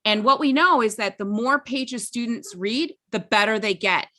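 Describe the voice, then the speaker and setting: A woman's voice: on the high side, normal speed, pushed and bright. A woman co-hosting a teaching webinar over a video call, explaining in a chatty way with many fillers and frequent "okay?" checks. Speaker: webinar co-host, literacy educator.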